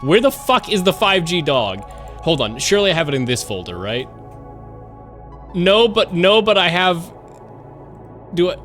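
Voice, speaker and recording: A man chatting casually to his live-stream audience, rambling and excitable, swearing freely. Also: on the high side, normal speed, pauses often, faint music behind.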